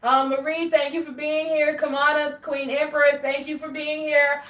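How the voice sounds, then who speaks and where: A woman's voice: sits high, monotone, normal speed, fairly bright tone, roomy sound, recorded from a distance. A woman reading tarot cards on a live stream, talking directly to her viewers and often checking in with "all right?". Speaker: tarot reader.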